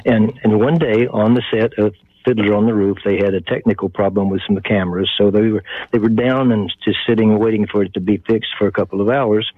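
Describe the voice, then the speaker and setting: A man's voice: on the low side, fairly even intonation, a little fast, slightly rough, no room sound. An older man with a Texan accent, the guest in an interview, telling a story and acting out the voices of the people in it. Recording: muffled phone-line sound.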